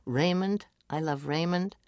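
A woman's voice: low-pitched, a little slow, darkish tone, dry recording, clean studio sound. An older woman as an interview guest, telling anecdotes animatedly, laughing often and acting out whispered lines.

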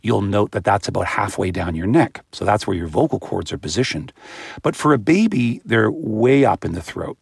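A man with a low, gravelly, slightly husky voice, talking as a guest in an interview. He explains things in an animated way and breaks into playful baby-sound imitations. The sound is dry and close. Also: normal speed, dry recording. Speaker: guest author.

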